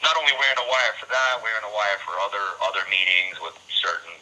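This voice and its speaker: Serbia-born ex-mob guest, animated and profane storyteller, very bright edgy voice, call audio. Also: male voice, fairly low pitch, fast talker, rough recording. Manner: blunt, profane, animated retelling with quoted dialogue. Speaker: interview guest, former mob associate. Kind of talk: storytelling interview over a call.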